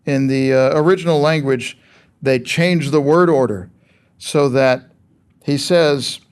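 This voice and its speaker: A man's voice: mid-range voice, slow pace, clear, resonant tone. A man preaching a sermon in a conversational, emphatic way, asking rhetorical questions of his listeners.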